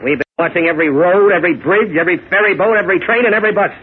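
A harried police inspector talks fast and huskily in a high voice. The recording is tinny and narrow, like a vintage radio broadcast. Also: male voice. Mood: exasperated. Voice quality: exasperated, husky. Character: harried, gruff middle-aged police inspector. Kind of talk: 1940s radio acting.

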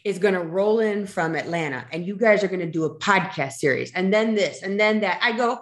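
A woman's voice: medium pitch, animated, a little fast, echoey room. A woman hosting a podcast, chatting casually and enthusiastically about spiritual blessings. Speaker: podcast host. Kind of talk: casual chat.

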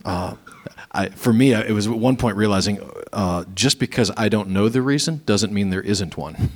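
A man's voice: fairly low pitch, moderate pace. A man interviewing in a church service, speaking candidly and thoughtfully. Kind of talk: reflective conversation.

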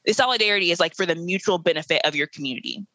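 A woman's voice: on the low side, rapid-fire, bright, forceful tone, dry recording, muffled recording. A woman in her late twenties, a guest educator in a podcast interview, speaking bluntly and emphatically with bursts of laughter. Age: 20s.

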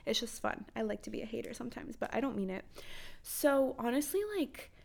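A woman's voice: a little high, a little fast, vocal fry, darkish tone. A young woman hosting a podcast, giving blunt dating advice in casual chat, swearing freely and firing off emphatic rhetorical questions. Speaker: podcast host.

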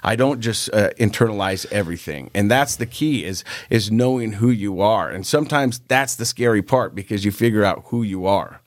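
A man's voice: lowish voice, moderate pace, hardly any pauses, no echo, clean studio sound. A man in his forties, a podcast guest, speaking earnestly about recovery from his own experience. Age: 40s. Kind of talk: casual conversation.

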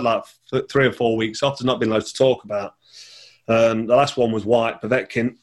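A man, chatting casually over a call, rambling and repeating words. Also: medium pitch. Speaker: podcast guest, former boxer. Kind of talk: casual chat.

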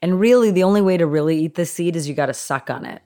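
Female guest from Canada, lower register, lively storyteller who laughs a lot. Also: fast. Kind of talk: casual storytelling chat.

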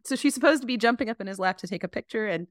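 A woman co-hosting a casual podcast who laughs often and tells an animated recap. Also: fairly high pitch, rapid-fire, dry recording, studio quality. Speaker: podcast co-host recapping episodes.

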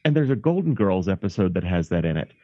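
A man's voice: low voice, sing-song, fast talker, dark tone, dry recording. A man co-hosting a podcast in casual chat, telling stories wryly. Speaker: podcast co-host. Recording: slightly dull, dry lo-fi sound.

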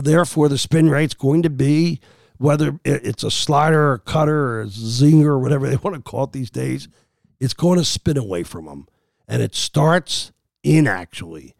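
A man's voice: medium pitch, gravelly, darkish tone, dry recording, clean studio sound. A man hosting a sports podcast, arguing his opinions in a heated, emphatic way.

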